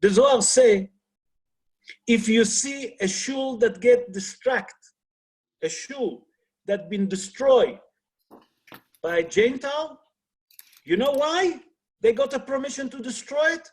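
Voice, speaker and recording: A man's voice: extremely high pitch, expressive, slow pace, long pauses, a little mellow. A man who is a rabbi teaching an online class over a video call. He talks earnestly, asks rhetorical questions and uses non-native English grammar.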